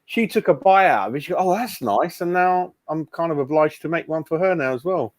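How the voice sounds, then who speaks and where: A man's voice: on the high side, fairly quick, no room sound. A man chatting casually as co-host of a football fan show, rambling and calling people mate. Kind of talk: casual chat.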